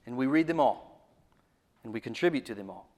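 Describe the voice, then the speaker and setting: A man preaching a sermon, repeating phrases for emphasis and often dropping to a low, hushed voice. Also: animated, a little fast.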